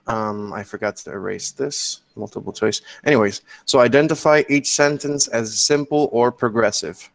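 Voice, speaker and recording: A man's voice: medium pitch, creaky. Patient male teacher on a video call. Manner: patient, explanatory, keeps checking with "okay?". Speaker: English teacher. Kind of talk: online class lecture. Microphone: computer mic on a video call.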